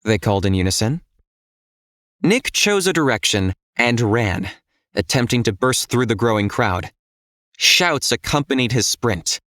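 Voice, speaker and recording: A man narrating an audiobook in a steady, measured storytelling voice. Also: medium pitch, no echo, clean studio sound.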